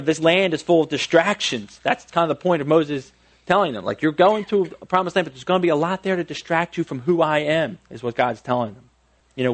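A man in his thirties preaching a conversational sermon on parenting, self-deprecating, with frequent restarts and friendly asides. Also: on the high side. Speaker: pastor.

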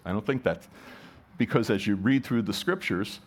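A man's voice: fairly low pitch, normal speed. A middle-aged man, a pastor, preaching a sermon in a conversational way, full of rhetorical questions and restarts.

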